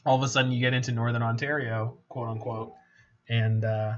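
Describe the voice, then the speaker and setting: A man from Canada giving casual gameplay commentary, chatty and joking as he thinks out loud. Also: medium pitch, flat delivery, moderate pace. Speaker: game streamer. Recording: slightly muffled with faint hiss.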